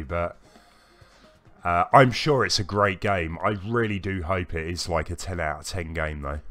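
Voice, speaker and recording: A British man with a fairly low voice rambles through live gameplay commentary and answers viewers by name. He sounds unwell and coughs between remarks, with faint game music playing underneath. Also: fairly bright tone. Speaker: game streamer.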